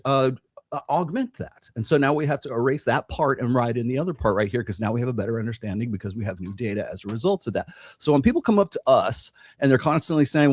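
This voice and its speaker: A man's voice: medium pitch, expressive, quick pace, no room sound, studio quality. Emphatic man explaining on a podcast. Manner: explanatory, emphatic, repeats phrases. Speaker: podcast host. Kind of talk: casual podcast discussion.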